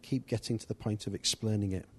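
A man leads a church group in a loose, conversational teaching style. His voice is mellow and warm, and he rambles with asides and restarts as he gives instructions. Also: lowish voice, fairly even intonation, quick pace, husky. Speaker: church leader.

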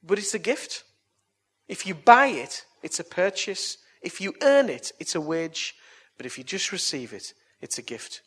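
Husky preacher, chatty and earnest. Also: male voice, high-pitched, very animated, unhurried, a bit bright. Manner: chatty, anecdotal storytelling; earnest, coaxing appeals. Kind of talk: evangelistic sermon and altar call.

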